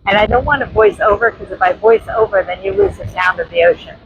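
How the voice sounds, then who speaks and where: Talking fast with big pitch swings and vocal fry, a medium-pitched New York vlogger narrates her walk down a windy beach, addressing viewers as friends. She shoots on a handheld phone, so the sound is phone quality, with faint surf and wind.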